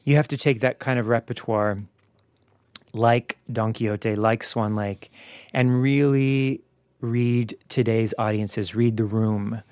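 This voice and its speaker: A man's voice: medium pitch, fairly even intonation, slow pace, darkish tone, clear, resonant tone, dry recording. A man with a non-Australian accent being interviewed in a radio studio as a ballet company's artistic director. He speaks reflectively, with frequent ums and you knows.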